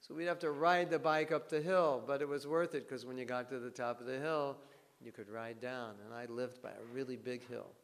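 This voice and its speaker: Gravelly man teaching in an echoing hall. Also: mid-range voice, fairly quick. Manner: animated storytelling, with bits of acted dialogue. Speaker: teacher giving a scripture class. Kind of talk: devotional class lecture.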